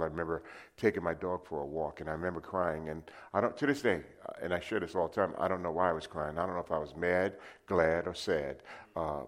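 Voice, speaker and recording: An older man from New City, giving a testimony sermon and telling his story in a conversational way, drawing the congregation into call-and-response. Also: low-pitched. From New York City. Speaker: preacher.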